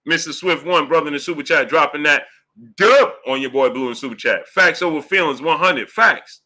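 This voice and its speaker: A man's voice: fairly high pitch, a little fast, pushed and bright. A man hosting a boxing live stream, arguing emphatically with rhetorical questions and reading out super chats. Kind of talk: heated live-stream commentary.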